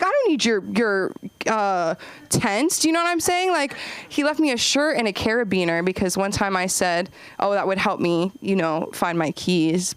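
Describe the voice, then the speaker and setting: A woman doing an open-mic stand-up set on a club stage, chatty and self-deprecating, her pitch jumping up when she gets excited. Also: clean tone. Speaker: stand-up comedian.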